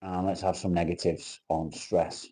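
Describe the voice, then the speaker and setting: Deep husky man. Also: little pitch movement, a little slow, dark tone. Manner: crude, teasing banter, reading viewer comments aloud. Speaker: livestream host. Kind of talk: casual livestream chat.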